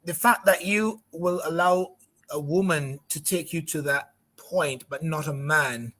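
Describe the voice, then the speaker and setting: Deliberate, careful male panelist. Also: a little high, fairly bright tone. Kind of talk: measured talk-show discussion.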